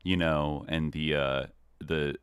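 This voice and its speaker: A man co-hosting a podcast livestream in casual chat, halting and jokey, with lots of ums and restarts. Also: rumbling low, level tone, a bit bright, clean tone, no echo, studio quality. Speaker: podcast co-host.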